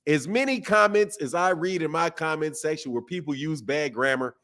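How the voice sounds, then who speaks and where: A man's voice: fairly high pitch, normal speed, a bit bright. A man hosting a boxing livestream, talking loosely and casually in slang with frequent restarts while reading out viewer chats. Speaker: boxing channel host.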